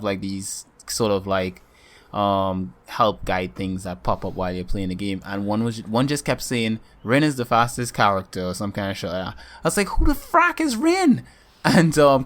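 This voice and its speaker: A man with a somewhat low voice, co-hosting a casual gaming podcast. He talks in a loose, rambling way, full of ums and restarts. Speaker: podcast co-host.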